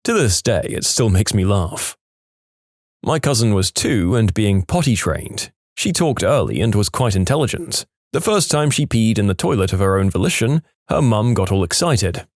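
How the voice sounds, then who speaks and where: A man reading stories aloud with a dry, deadpan delivery. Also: on the low side, normal speed, no echo. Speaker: story narrator.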